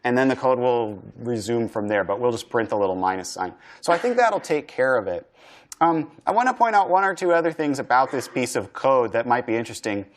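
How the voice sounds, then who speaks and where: A man lectures on programming while coding live, working things out aloud in a loose, chatty way. His voice sits at an ordinary middle pitch, and he trails into filler words and restarts as he goes. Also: animated, fairly quick. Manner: thinking aloud, casual with many fillers and restarts.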